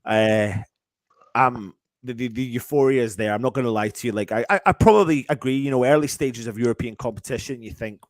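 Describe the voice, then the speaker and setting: A man's voice: medium pitch, a little fast, dry recording. Overexcited man talking football, dry sound. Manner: excitable, stumbling over words, swearing. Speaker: fan channel host. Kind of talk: casual live fan chat.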